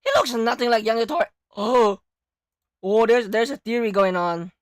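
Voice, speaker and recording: A woman streamer reacting to a game, animated and jokey, sometimes shouting, sometimes hushed, while losing her voice. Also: fairly high pitch, moderate pace, no echo, clean studio sound.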